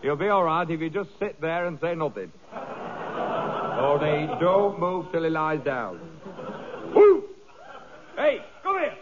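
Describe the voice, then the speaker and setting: A man's voice: a little high, animated, measured pace, crowd noise. A man playing a fussing dog owner, whooping. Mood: coaxing. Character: man wrestling a fierce dog, coaxing. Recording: dull noisy archive recording.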